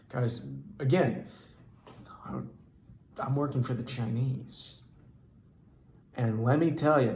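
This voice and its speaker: Guy doing stand-up, swearing a lot, animated and fed up, echoey room. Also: medium pitch, takes it slowly, pauses often. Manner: profane, animated, exasperated. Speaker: comedian. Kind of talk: stand-up storytelling.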